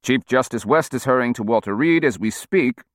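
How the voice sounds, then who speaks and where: Guy doing a tv news anchor, raised pitch, a bit rattled, audiobook. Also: animated, moderate pace, no room sound, clean studio sound, close to an everyday voice. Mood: urgent. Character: male TV news anchor, smooth but rattled.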